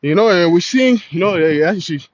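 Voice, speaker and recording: A man's voice: high voice, lively intonation, fast. A man preaching in a casual street style, slangy and full of "man" and "you know". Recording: dull lo-fi recording.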